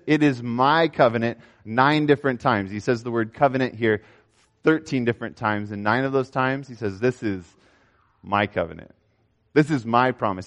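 A young man preaching a sermon, telling a story with animated swings between raised emphasis and quiet asides. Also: medium pitch. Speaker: pastor.

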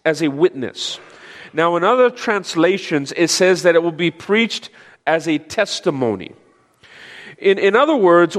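A man delivers an emphatic sermon, circling back on phrases and restarting sentences as he builds his point. His voice sits slightly high for a man. Long reverb from a large hall trails each phrase. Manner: earnest, emphatic, repeats phrases with frequent restarts. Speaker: preacher.

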